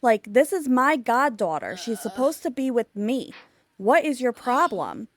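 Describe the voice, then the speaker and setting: A woman voicing an exasperated, sharp-tongued noblewoman in a Sims story. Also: fairly high pitch, sing-song, a little slow. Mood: indignant.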